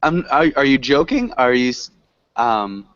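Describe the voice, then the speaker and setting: A man teaching an online English class, encouraging his students, laughing often and correcting them slowly. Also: mid-range voice, very animated, a bit bright, clear, resonant tone, no echo, lo-fi sound.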